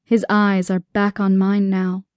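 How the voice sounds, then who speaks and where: A woman narrating a first-person romance audiobook in an intimate, expressive telling from a recording booth. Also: medium pitch, a little slow, no echo.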